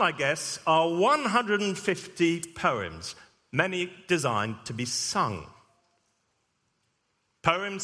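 A man's voice: sits high, bright, forceful tone. A man, a vicar, preaching a sermon and telling a humorous story. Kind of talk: sermon with anecdote. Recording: long hall reverb.

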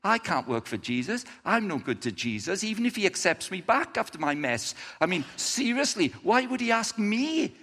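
A man's voice: big pitch swings, moderate pace, few pauses, sharp tone, slightly rough, exaggerated voice. A man voicing a remorseful male disciple who earnestly pleads that he loves his master despite failing him. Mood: bewildered. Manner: earnest, pleading, voice rising high. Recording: reverberant hall.

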